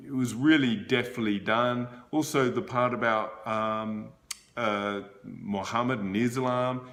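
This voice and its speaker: A man's voice: fairly low pitch, fairly bright tone. A man giving a casual book review to camera, rambling with frequent fillers and restarts.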